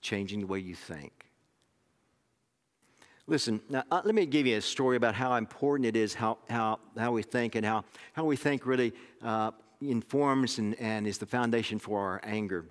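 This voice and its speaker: A middle-aged man with an Oklahoma accent, preaching a sermon in a relaxed, conversational storytelling way that often restarts its phrases. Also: mid-range voice, a little fast, hardly any pauses. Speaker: pastor. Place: church sanctuary. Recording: long sanctuary reverb.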